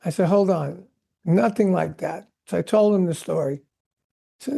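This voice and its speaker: An older man, a veteran drummer, telling animated stories in a podcast interview and acting out the voices of the people he quotes. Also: high-pitched, moderate pace, creaky. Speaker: guest drummer.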